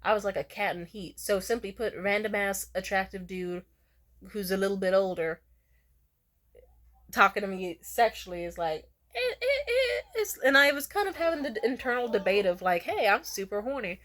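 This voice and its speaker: A young woman in casual storytime chat, animated and swearing freely, jumping into squeaky high voices when she quotes people. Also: moderate pace. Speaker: vlogger.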